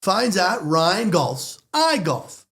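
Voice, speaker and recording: A man with a loud, fairly high voice that goes squeaky when he gets excited tells stories in a casual podcast chat. He is animated and eager and keeps cutting in to add details. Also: drawn-out words, vocal fry. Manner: animated, jumps into others' stories. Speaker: podcast guest.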